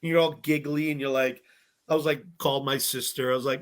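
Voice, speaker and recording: A young man, a podcast guest telling stories from a cooking show in a bubbly, animated way, acting out other people's lines and swearing freely. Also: mid-range voice, fast. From Massachusetts, US. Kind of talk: casual storytelling chat.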